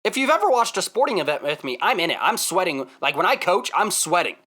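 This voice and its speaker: Excitable man with a lively, bright voice. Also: high voice, quick pace. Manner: excitable, emphatic, repeats himself. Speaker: vlogger. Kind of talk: casual storytelling to camera.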